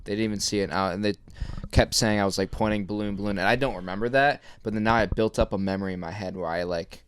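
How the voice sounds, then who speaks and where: A man's voice: fairly low pitch, fairly even intonation, fast talker, slight background noise. A young man co-hosting a casual podcast, telling childhood stories and laughing through them. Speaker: podcast co-host. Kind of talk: casual chat.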